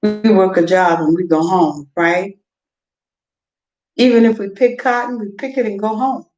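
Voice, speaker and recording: A woman's voice: medium pitch, fairly even intonation, unhurried, a little mellow, muffled recording, faint music behind. A woman chatting loosely to viewers in a casual livestream, rambling from topic to topic and laughing often. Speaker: vlogger.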